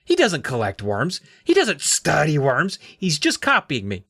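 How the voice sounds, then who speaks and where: Man putting on a jealous boy, shrill, whiny, high-pitched, storybook comedy. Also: wildly swooping pitch, unhurried, bright, forceful tone, husky, no room sound, studio quality, full character voice. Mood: shrill protest. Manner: shrill and high when protesting.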